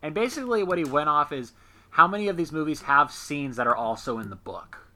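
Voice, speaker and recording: Guy reviewing a movie with a buddy, voice jumps all over the place, bright and forceful, keeps slipping into goofy little character bits mid-sentence. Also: fairly high pitch. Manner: animated, jokey, acts out characters in quick asides. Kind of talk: casual movie review chat.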